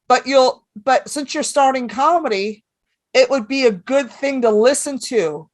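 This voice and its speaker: Profane, animated woman comedian telling stories. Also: sits high, unhurried. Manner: animated, profane, rambling storyteller. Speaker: stand-up comedian guest. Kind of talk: casual podcast storytelling.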